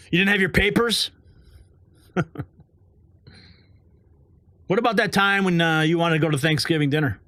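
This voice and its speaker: Male commentary host, angry and mocking, slows down to hammer points, somewhat high pitch. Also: steady tone, pushed and bright, dry recording, clean studio sound. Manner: heated, sarcastic, drawn-out emphasis.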